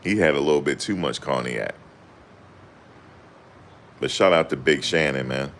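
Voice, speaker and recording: A man's voice: rumbling low, a little slow, fairly bright tone, slight background noise. A young man chatting casually to camera in loose, slangy banter, often laughing. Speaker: vlogger.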